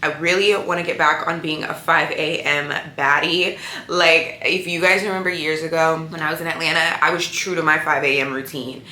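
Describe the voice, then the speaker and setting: Low-pitched and sharp in tone, this tired, sleepy vlogger talks to her viewers at a moderate pace with fairly even intonation, candid and chatty. There's a roomy echo and faint noise behind her.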